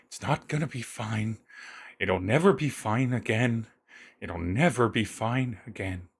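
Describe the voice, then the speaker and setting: A man voicing an eerie, quiet creature in a tabletop game that repeats bleak warnings. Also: on the low side, unhurried, creaky, breathy edge, exaggerated voice.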